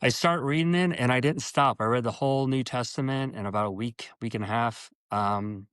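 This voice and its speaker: As an interview guest, a man tells a personal story earnestly, halting and starting over, and his pitch jumps up when he acts out quoted dialogue. His tone is fairly bright and smooth, and the recording is dry.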